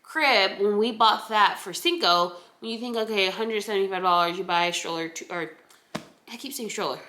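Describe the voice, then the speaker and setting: A young pregnant woman rambles casually to her camera, her voice bright and forward, at a middling pitch. She talks on with plenty of fillers and restarts. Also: fairly quick, slight background noise. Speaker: vlogger. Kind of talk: casual chat.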